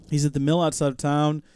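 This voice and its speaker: A man hosting a live game stream, chatting, joking and reacting out loud as he plays. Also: on the high side, clean tone. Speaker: host.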